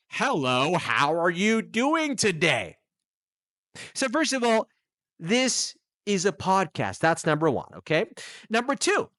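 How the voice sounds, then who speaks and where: Animated man with a lively pitch. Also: no room sound, studio quality. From United States. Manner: animated, emphatic, talking straight to the listener. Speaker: podcast host and English teacher. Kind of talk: casual solo podcast monologue. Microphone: studio microphone.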